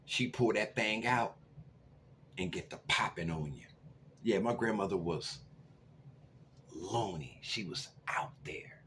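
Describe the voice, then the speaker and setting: A man in his forties telling a story to camera in a casual, animated way, swinging from loud outbursts to hushed asides. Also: fairly low pitch, measured pace, long pauses, a little hiss or hum. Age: 40s. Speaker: vlogger.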